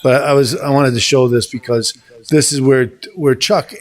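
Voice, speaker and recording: A man hosting a casual talk show, speaking haltingly and searching for words, in a small studio room. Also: medium pitch, fairly even intonation, soft background music. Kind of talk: casual podcast chat.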